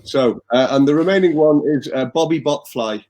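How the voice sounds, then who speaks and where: A man's voice: a little high, normal speed, dark tone, low-quality recording. A man playing a board game over a video call, rambling whimsically with many "uh" fillers and chuckles. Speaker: game player. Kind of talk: casual banter on a streamed game.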